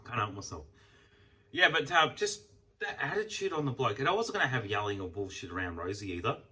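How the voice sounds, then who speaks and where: A man's voice: medium pitch, sing-song, a little fast, pushed and bright, distant mic. A young Australian man ranting in a casual vlog, heated and swearing a lot. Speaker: vlogger. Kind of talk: casual venting rant.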